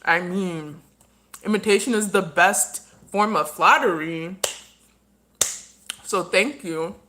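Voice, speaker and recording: A woman's voice: lowish voice, takes it slowly, bright, forceful tone, a little hiss or hum. A woman hosting a casual livestream, rambling through her opinions and talking while she eats. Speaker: livestream host.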